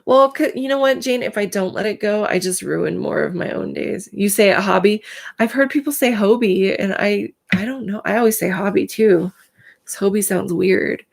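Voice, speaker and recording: A woman's voice: mid-range voice, moderate pace, creaky. A woman hosting a casual live stream, chatting to viewers by name, full of filler words, and in pain today.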